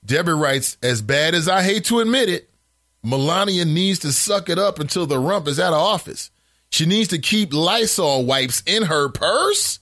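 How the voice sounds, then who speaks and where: A man with a voice on the high side hosts a casual call-in show at a moderate pace. He reads listener comments aloud in a flatter tone and reacts with animated, incredulous asides and laughs. The recording is dry, with clean studio sound.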